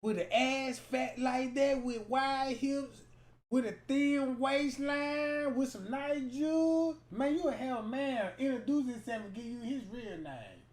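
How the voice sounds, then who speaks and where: A man giving profane comedic roast commentary that is loud, crude and mocking, with sudden shouts. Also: extremely high pitch, takes it slowly. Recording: roomy echoey room.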